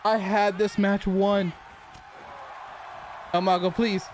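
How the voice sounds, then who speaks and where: Excitable high-voiced man playing a game. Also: slow pace. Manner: excitable, reacts loudly to the game, talks to characters. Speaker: gaming channel host. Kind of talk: let's play commentary. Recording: clear background noise.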